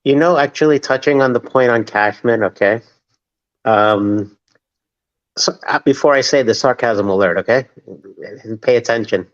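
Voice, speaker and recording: A man co-hosting a sports call-in stream, sarcastic, drawing out his jokes slowly. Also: mid-range voice. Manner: sarcastic, drawn-out storytelling. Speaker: co-host. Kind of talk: casual sports call-in chat. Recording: dull, lo-fi stream audio.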